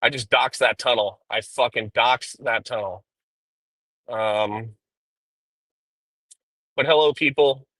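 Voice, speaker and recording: Man, bright tone, dry sound, profane rambling stream talk, in a car. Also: medium pitch, no echo, poor audio. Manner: rambling and profane, with frequent ums. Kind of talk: casual live-stream commentary while driving. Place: inside a car.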